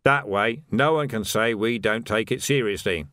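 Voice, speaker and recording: A man's voice: on the low side, normal speed, a bit bright, no echo, clean studio sound, close to an everyday voice. A man voicing a sly, corrupt male sergeant who sounds falsely earnest and smug.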